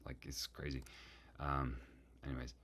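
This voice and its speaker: A man's voice: a bass voice, level tone, measured pace, fairly bright tone, slight background noise. A man composing music and thinking aloud, muttering to himself and humming melodic lines on "da".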